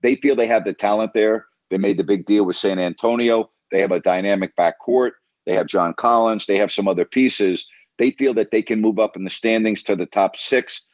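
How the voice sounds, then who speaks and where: Emphatic lower-voiced male sports radio host. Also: moderate pace, few pauses, dry recording, dull audio. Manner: emphatic, repetitive, lecturing. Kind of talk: coaching a caller on air.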